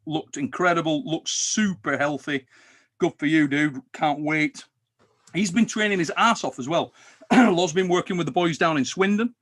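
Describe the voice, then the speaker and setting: A man hosting a casual chat, animated and quick to swear and tease. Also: a little high. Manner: animated, swears, teasing banter. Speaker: podcast host.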